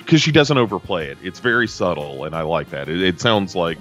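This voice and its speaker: A man's voice: low-pitched, big pitch swings, fairly quick, a bit bright, faint music behind. A man chatting casually on a podcast, rambling with lots of fillers. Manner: rambling, full of fillers and restarts. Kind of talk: casual chat.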